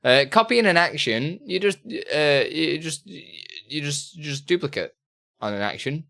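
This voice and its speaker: A man's voice: a little high, lively intonation, a little slow, vocal fry, pushed and bright. A man chatting casually on a live stream, reading out chat questions and laughing often.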